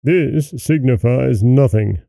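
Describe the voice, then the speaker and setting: A man voicing a cruel, murderous nobleman who speaks in cold, menacing tones with a gravelly, dark voice. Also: mid-range voice, takes it slowly, no room sound, clean studio sound.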